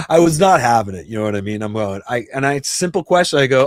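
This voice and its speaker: Hosting a relaxed Q&A livestream from home, this man in his fifties, originally from New Jersey, talks a little fast with lively intonation at medium pitch. He's blunt and profane, rambling and often restarting, and the dry recording has studio quality.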